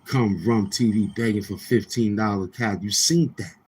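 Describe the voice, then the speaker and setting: A man's voice: lowish voice, steady tone, normal speed, slight background noise. A man hosting a livestream, ranting loosely with restarts and mocking quoted voices. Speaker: livestream host. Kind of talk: casual livestream rant.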